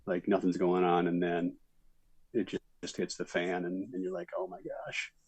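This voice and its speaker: A middle-aged man from Minnesota talks through his stories in a relaxed, rambling way, with lots of fillers. His voice sits very low and stays level. The sound is close and dry. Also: moderate pace, no room sound, rough recording. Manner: relaxed storytelling, many fillers. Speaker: actor guest. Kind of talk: casual interview chat.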